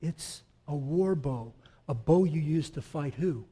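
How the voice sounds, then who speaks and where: A male pastor preaching a sermon, moving from quiet, conversational explanation with asides to the congregation into loud, emphatic declarations. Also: fairly high pitch, expressive, unhurried, breathy edge.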